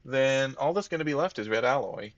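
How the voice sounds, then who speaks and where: A man's voice: medium pitch, animated, brisk, no echo, dull audio. A man casually commenting on his gameplay, thinking aloud and muttering to himself as he plays. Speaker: let's-play gamer.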